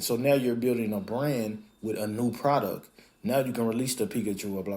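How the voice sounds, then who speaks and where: A man hosting a podcast, talking in a casual, animated monologue that acts out quoted voices and swears freely. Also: mid-range voice, brisk. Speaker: podcast host.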